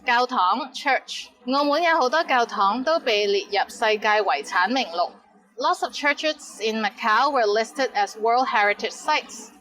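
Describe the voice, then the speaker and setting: A woman's voice: a little high, animated, unhurried, bright, forceful tone, poor audio. A woman teaching Cantonese words, saying each word twice and then giving example sentences. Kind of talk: language lesson.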